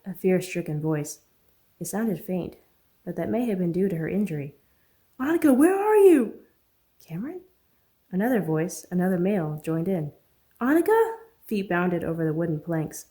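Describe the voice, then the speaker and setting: A woman author narrating her own novel as an audiobook, earnest and steady. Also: on the low side, moderate pace.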